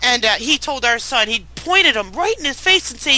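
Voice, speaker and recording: A woman's voice: sits high, animated, moderate pace, bright, forceful tone, low-quality recording. A middle-aged woman speaking as a guest, telling her personal story in an earnest, emotional way with frequent restarts.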